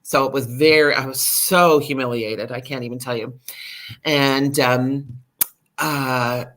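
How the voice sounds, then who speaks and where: A middle-aged woman, a podcast guest, candidly telling a personal recovery story in an animated way, full of fillers. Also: very deep voice, slow pace.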